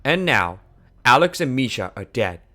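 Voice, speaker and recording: A man reading a game aloud, voicing an older male scientist mentor who speaks in a quiet, measured, sorrowful way. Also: medium pitch, sing-song. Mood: somber.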